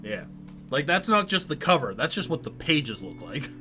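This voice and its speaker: A man chatting on a live stream in a bright, slightly high voice. He rambles and trips over his words, full of ums and restarts, and stops to read chat comments aloud. Faint game music plays underneath. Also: very animated, normal speed. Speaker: streamer co-host.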